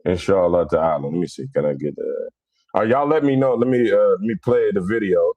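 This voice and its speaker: A middle-aged man from Cincinnati, hosting a casual livestream. His talk is blunt, animated and rough around the edges. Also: low voice, a little fast, no echo, narrow, tinny audio. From Cincinnati, USA. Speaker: livestream host.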